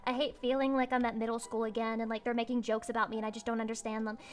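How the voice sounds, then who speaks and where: A woman's voice: on the high side, level tone, very fast. A young woman livestreaming, chatting casually with her viewers in a crude, playful, rambling way. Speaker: streamer. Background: faint music.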